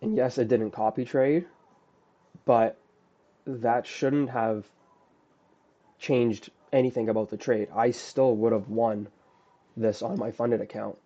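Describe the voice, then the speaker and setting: A man's voice: mid-range voice, steady tone, takes it slowly, long pauses, warm tone. A man recapping a trade he closed too early, talking in a casual, profane, self-critical way. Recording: dull lo-fi audio.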